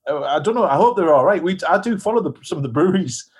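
A man's voice: high-pitched, expressive, fast talker, breathy edge. A middle-aged man casually telling a rambling travel anecdote, with frequent restarts and laughter. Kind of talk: casual storytelling chat.

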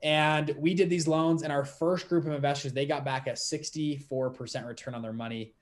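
A young man in his twenties, a podcast guest telling his story in a lively, quick, laughing way. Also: fairly high pitch. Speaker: podcast guest, fund manager. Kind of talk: casual storytelling interview.

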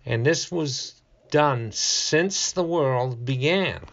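A man teaches the Bible in a relaxed, conversational way, leaning on each key word. He talks very slowly and stops now and then to find his verse. The recording is dull and lo-fi. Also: mid-range voice. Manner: slow and deliberate, stressing key words; reads scripture aloud, pauses to find verses.

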